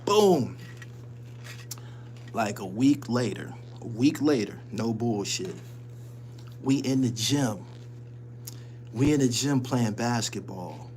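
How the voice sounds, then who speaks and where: A man's voice: medium pitch, lively intonation, slow, pauses often, darkish tone, a little hiss or hum. A man hosting his channel, telling a story in casual, profane street slang and laughing often as he goes. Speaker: channel host.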